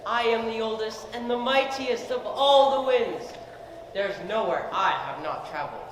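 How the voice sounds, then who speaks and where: A man's voice: high voice, moderate pace, lightly acted. A man playing an ancient, mighty wind spirit of the north in a stage play, with a stern, commanding manner. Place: school theater stage. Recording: distant, echoey theater hall.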